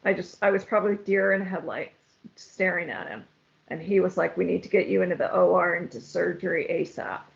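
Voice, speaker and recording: A woman's voice: fairly low pitch, gravelly. A woman guest telling her own story in an interview, earnest and at times tearful. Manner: emotional, halting, tearful at times. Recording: slightly dull, lo-fi sound.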